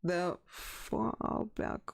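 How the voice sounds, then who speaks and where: A woman's voice: on the low side, fairly even intonation, extremely slow, vocal fry. A young German woman with a German accent, chatting casually with her live stream viewers, laughing often and reading comments aloud.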